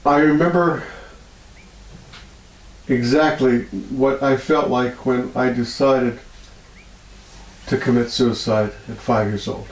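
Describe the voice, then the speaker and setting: Slow and pausing often, a male healer shares stories in an interview with great feeling and frequent laughter. When moved his voice rises high, and the poor audio has a roomy sound.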